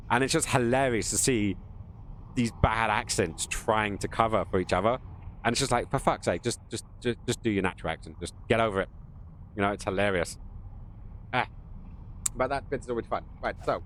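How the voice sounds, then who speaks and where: A man's voice: mid-range voice, fairly bright tone, a little hiss or hum. A man giving casual, rambling live-stream commentary while playing a game, joking with his viewers. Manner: rambling, jokey, chatting to viewers.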